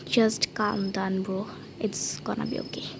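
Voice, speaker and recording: A woman with a medium-pitched, gravelly voice speaks a little slowly in a level tone while playing a horror game. Her casual commentary is nervous, often slipping into whispers and pleading. Background noise is present, with loud typing and clicks behind her.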